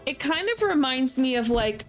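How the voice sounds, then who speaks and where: Woman, let's play streamer, casual commentary, slightly high pitch, faint game music under her. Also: expressive, normal speed. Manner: chatty, giggly, swears freely.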